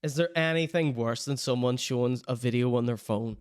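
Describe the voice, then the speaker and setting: A man's voice: medium pitch, fairly quick, darkish tone, clear, resonant tone, no room sound, studio quality. A man hosting a podcast, commenting on viral clips in a casual, chatty and sarcastic way, laughing often. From Northern Ireland. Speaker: podcast host reviewing clips.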